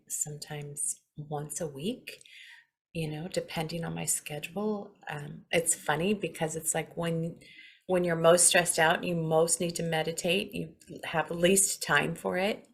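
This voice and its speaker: Spiritual talk host, woman, 40s; unhurried, heartfelt delivery, gravelly edge. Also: fairly low pitch. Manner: slow, earnest, gently emotional, with soft laughs.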